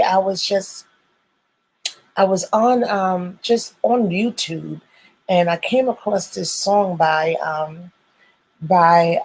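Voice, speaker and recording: A woman's voice: lowish voice, a little mellow, slightly rough, rough recording. A woman hosting her own live stream, greeting viewers over and over in churchy, welcoming phrases. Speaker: host of a live stream show.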